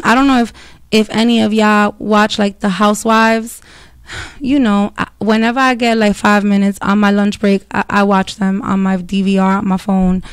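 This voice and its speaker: Woman host, fairly high voice, dry close sound, blunt and animated. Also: dry recording. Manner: blunt, profane, animated storytelling with quick asides. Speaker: podcast host. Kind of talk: casual solo chat.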